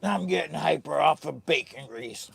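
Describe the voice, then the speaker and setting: A man's voice: a little high, animated, moderate pace, creaky, a bit bright, breathy edge. A man hosting a casual live stream from a camping trip, rambling and joking with his viewers and his dog. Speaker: livestreaming camper and channel host. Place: tent at a campsite.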